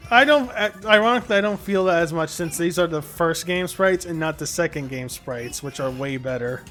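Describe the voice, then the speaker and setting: A man's voice: on the high side, brisk, fairly bright tone, soft background music. A man hosting a casual gaming stream, swearing casually as he directs players. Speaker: stream host.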